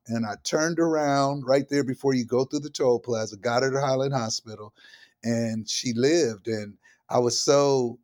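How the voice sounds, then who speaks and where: An older man, a comedian guest on an interview, telling personal stories in a lively, animated way and acting out the voices of the people in them. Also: medium pitch. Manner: vivid storyteller who acts out the voices in his stories.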